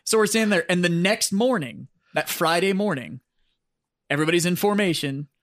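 A man hosting a casual podcast chat, telling army stories and swearing freely while mimicking his drill sergeants in a gruff voice. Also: sits high, lively intonation, a little fast, fairly bright tone, no room sound, studio quality. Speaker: podcast host.

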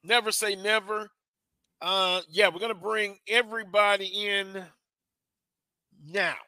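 A man hosts sports talk radio in an easy, chatty way, speaking slowly in a bright, high voice. The sound is dry and close. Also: steady tone, clean tone, dry recording. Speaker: radio show host.

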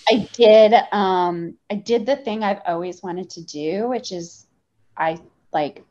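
A woman's voice: medium pitch, slow. Woman telling a story with candid swearing. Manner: animated, profane, full of fillers. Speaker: guest journalist. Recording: slightly dull lo-fi audio.

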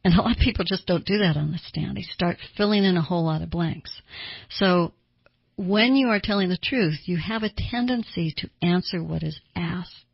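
A woman's voice: lowish voice, normal speed, gravelly, slightly rough, no echo. A middle-aged woman therapist giving a conversational teaching talk, acting out the people she quotes. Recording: dull lo-fi sound.

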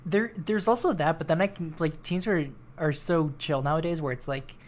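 A man co-hosting a film podcast, talking in a relaxed way with lots of fillers and restarts. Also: on the high side, normal speed. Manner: relaxed, hesitant with many fillers. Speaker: podcast co-host. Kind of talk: casual film podcast chat.

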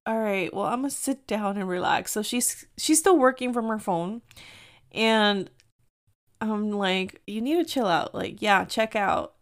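Mexican-American woman, 30s, podcast host; chatty, animated storyteller with Spanish asides. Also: medium pitch. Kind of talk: casual storytelling chat.

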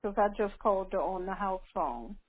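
A woman's voice: medium pitch, animated, moderate pace. A woman chatting on a live stream call, rambling and repeating herself, trailing off mid-thought. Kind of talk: casual phone chat. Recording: tinny phone line.

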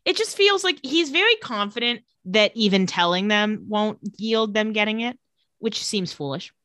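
A woman's voice: mid-range voice, lively intonation, moderate pace, sharp tone, no room sound. Playful woman podcast co-host, dry sound. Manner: playful, slangy, retells scenes quoting characters. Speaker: podcast co-host recapping a TV episode. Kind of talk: casual chat.

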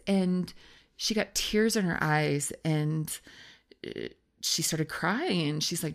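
A woman's voice: low-pitched, slow pace. A woman hosting a podcast about love, telling a story in an earnest way and repeating phrases for emphasis. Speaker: podcast host, love coach. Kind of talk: podcast monologue.

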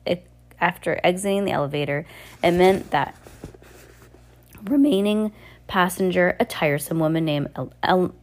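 A woman reads a novel aloud at home pace, stumbling over words and going back to fix them. Her voice sits a little low for a woman. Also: darkish tone. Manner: unpolished, frequent restarts and self-corrections. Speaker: reader.

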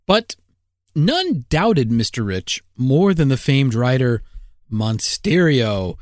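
A male co-host with a lively, wide-ranging pitch who jumps into excitable, joking reactions. The recording is close and dry. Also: slow, no echo. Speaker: podcast co-host. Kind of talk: casual storytelling chat.

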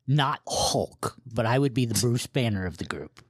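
Male co-host, husky voice, lively pitch, dry close sound. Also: moderate pace, no echo. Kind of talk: casual podcast banter.

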